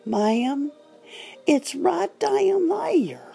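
A woman putting on a polite, unhelpful southern gentleman with a Southern US accent, speaking in a slow, drawn-out, folksy way. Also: sits high, big pitch swings, creaky, soft background music, voice pushed up, exaggerated voice. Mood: politely unhelpful.

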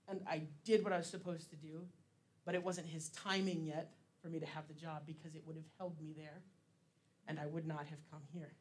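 Chatty laughing pastor, a man. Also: on the high side. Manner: chatty, laughs often, many fillers. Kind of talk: casual sermon.

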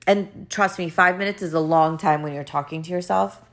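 A woman's voice: fairly low pitch, moderate pace, a bit bright. A woman hosting a podcast as a life coach, talking earnestly and with emphasis, often repeating her phrases. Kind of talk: motivational podcast monologue.

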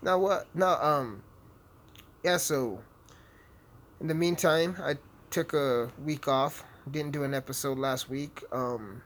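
A young man rambles through a profane, brash podcast monologue while gaming, his voice sitting at an ordinary mid pitch. Faint ambient noise sits behind him. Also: fairly bright tone. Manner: brash, swearing constantly, rambling. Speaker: podcast host.

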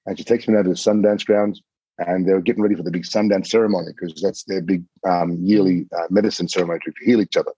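A middle-aged man with a low, husky voice tells a long personal story in vivid detail, often repeating himself as he goes. The recording is dry and a bit muffled. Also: steady tone, fast talker, dark tone, no room sound. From Australia. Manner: vivid, repeats words, swears casually. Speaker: podcast guest.

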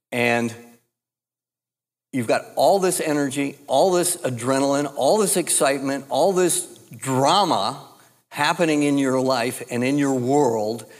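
Slow, deliberate male preacher in a hall. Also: medium pitch. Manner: measured, deliberate delivery with repeated restarts. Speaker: pastor. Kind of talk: sermon. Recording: long hall reverb.

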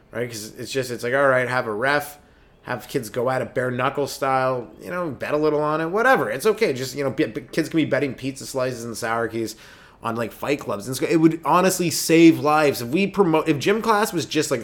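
A Canadian man in his thirties hosts a comedy podcast, rambling through stories in a loose monologue. He keeps breaking into quick, silly put-on voices for the people he describes. His own speaking voice sits at an ordinary middle pitch. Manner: riffing, acting out characters in quick put-on voices. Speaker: stand-up comedian hosting a podcast.

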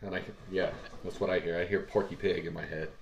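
A man hosting a casual podcast interview, friendly and quick to laugh. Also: deep voice, steady tone, creaky, slight background noise. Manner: laughs often, friendly, calls guest "man". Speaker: podcast host.

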